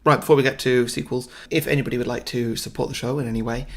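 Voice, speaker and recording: A man's voice: medium pitch, steady tone, quick pace. A man co-hosting a podcast, reading out rules and giving brief, dry replies in casual chat. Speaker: podcast co-host.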